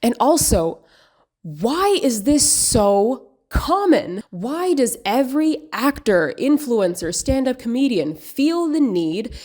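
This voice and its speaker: A woman's voice: fairly high pitch, big pitch swings, takes it slowly, darkish tone. A woman, from the United States, giving scripted video essay commentary with dry, sarcastic humor.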